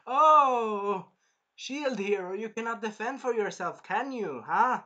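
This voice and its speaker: Brief: man playing a sneering princess, high and bright, teasing. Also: animated, slow pace, dull audio, heavily acted. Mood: taunting. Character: scheming mocking young princess.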